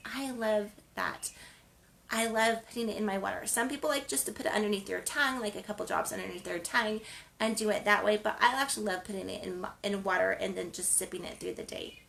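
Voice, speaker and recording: Woman, wellness host, casual rambling talk, lots of ums, gravelly fry, bright tense tone. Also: medium pitch. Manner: chatty, rambling, frequent ums and restarts. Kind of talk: casual spoken segment.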